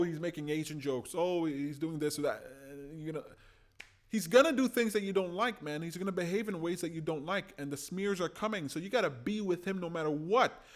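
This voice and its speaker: Impassioned man giving political commentary. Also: on the high side. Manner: impassioned, swings from loud urging to hushed.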